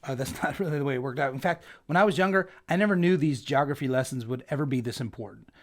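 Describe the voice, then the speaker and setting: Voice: medium pitch, fast talker. A Bible teacher giving a conversational scripture lesson, often checking in with the listeners. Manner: chatty, peppers points with "right?".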